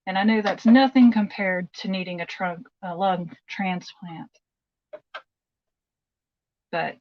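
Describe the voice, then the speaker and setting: A woman's voice: medium pitch, slow, long pauses, darkish tone, dry recording. Middle-aged lady rambling while she cooks, phone stream, kinda dull dry sound. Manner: chatty, rambling, answers viewer comments. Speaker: livestream host. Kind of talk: casual chat while cooking. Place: home kitchen.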